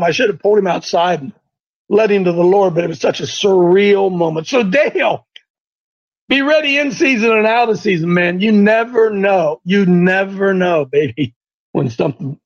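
Husky high-voiced man telling a story. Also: a little fast, highs cut off. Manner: animated, stumbling, repetitive storyteller. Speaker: host. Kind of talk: faith talk show storytelling.

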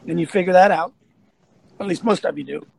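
A man's voice: high-pitched, brisk, vocal fry, husky, rough recording. A man nicknamed Coach who tells a folksy story and rallies listeners to serve, talking into a phone. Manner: folksy storytelling, rallying, animated. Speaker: ministry leader called Coach. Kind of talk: livestreamed preaching talk.

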